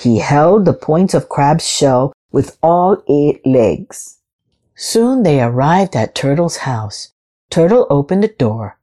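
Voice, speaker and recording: A woman reading a children's storybook aloud in a slow, expressive, gentle way. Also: low voice.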